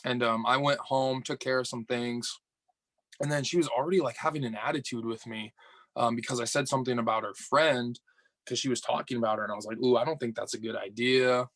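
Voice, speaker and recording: A young guy from upstate New York, guesting on a podcast, tells a dating story in casual conversation. He's animated and swears, acting out the dialogue in a mid-range voice at a brisk clip, with no room sound.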